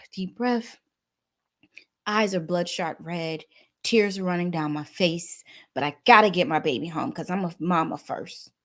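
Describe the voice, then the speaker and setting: A woman guest telling a personal story in a lively way, acting out the dialogue. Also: fairly low pitch, moderate pace. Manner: animated, acts out dialogue.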